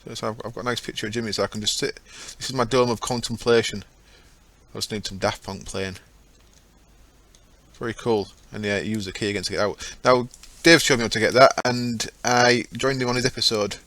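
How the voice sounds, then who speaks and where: A man's voice: fairly low pitch, fairly even intonation, a little fast, fairly bright tone. Chatty man narrating gameplay. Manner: chatty, rambling, self-correcting. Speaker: gaming channel host. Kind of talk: casual gameplay commentary.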